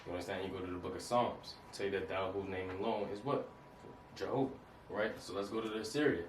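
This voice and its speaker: A man with a lowish voice leads a casual lesson, repeating himself and checking for understanding. He talks in a loose, streetwise way. The sound is roomy and distant, with a faint hiss underneath. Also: steady tone, fast talker. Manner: repetitive, keeps asking "you understand that?"; casual, street-style phrasing. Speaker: Hebrew teacher. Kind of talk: informal lesson over slides.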